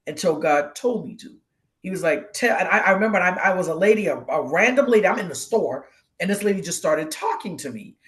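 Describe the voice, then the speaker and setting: On a live show, a female guest co-host tells her personal testimony in a medium pitch. She stays animated throughout and performs the voices of the people she describes.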